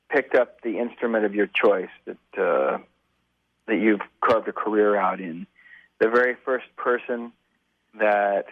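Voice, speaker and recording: Over a tinny telephone line, an American musician in his fifties tells stories as a guest in a casual phone interview. He's animated, acting out the voices of the people he quotes, in a lowish voice on a dry recording.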